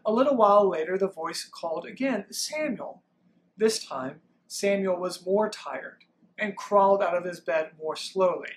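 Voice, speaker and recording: A man's voice: high-pitched, normal speed, a little hiss or hum. A man working as a children's pastor, reading a Bible story to young children and leading them in call-and-response prompts.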